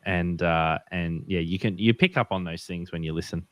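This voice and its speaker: An Australian man with a very low voice talks in a relaxed, halting way, full of fillers and restarts. The sound is dry and close, with no room around it. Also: dry recording. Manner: hesitant, many fillers and restarts. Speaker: guest ham radio operator. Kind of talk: casual podcast chat.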